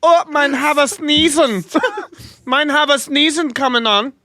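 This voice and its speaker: Comedic bit: a man playing a loud, hammy German man with a mock German accent, pitched up high. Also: measured pace, dry recording, heavily acted. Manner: hammy, shouting exclamations. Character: loud blustery German man with huge sneezes.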